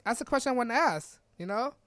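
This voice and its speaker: A woman's voice: on the high side, expressive, fast talker, fairly bright tone, no echo. A woman hosting a podcast, giving an emphatic opinion monologue full of repeated rhetorical questions and tag checks. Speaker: podcast host.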